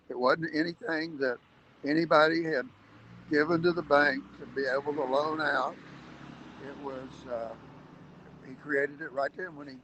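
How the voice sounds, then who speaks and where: A man's voice: medium pitch, a bit bright, dry recording, low-quality recording. A man giving an earnest livestream advocacy talk, explaining step by step with emphatic points and hesitant fillers. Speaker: activist speaker.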